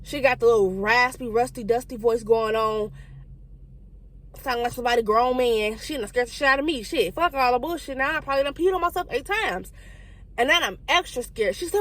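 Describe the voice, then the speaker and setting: A young woman tells a storytime at a rapid clip. Her voice sits a little high, and she swears freely and jumps into the voices of the people in her story. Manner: fast, profane, animated storytelling with quoted voices. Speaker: vlogger. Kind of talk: casual storytime.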